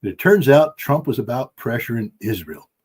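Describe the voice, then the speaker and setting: A man's voice: medium pitch, expressive, normal speed, a little mellow, breathy edge. A middle-aged man giving heated, emphatic podcast commentary from home, blunt and impassioned. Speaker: guest commentator. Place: at home with dogs.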